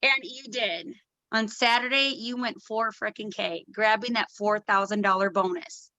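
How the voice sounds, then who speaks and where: Bright, hyped woman hosting a video call. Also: medium pitch, fairly even intonation, a little slow, no echo, muffled recording. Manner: upbeat, hyped, cheering on a teammate. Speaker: host. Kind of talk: motivational video call chat.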